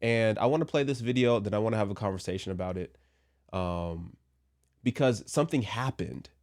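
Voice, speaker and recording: A man's voice: fairly low pitch, fairly quick, darkish tone. A man giving casual commentary from a Christian view, chatty with joking asides, and a little under the weather. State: a little sick. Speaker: commentary vlogger.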